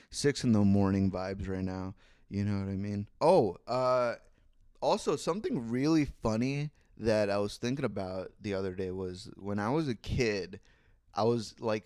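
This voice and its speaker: A man's voice: fairly low pitch, darkish tone, dry recording, clean studio sound. A young man in his twenties hosting a solo podcast, thinking aloud in a rambling way and swearing freely into a microphone. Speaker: podcast host. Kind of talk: casual solo podcast monologue. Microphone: studio microphone.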